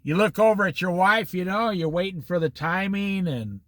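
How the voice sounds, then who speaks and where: A man teaching a casual Bible study, animated and folksy, laughing at his own stories. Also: high voice, normal speed, dry recording.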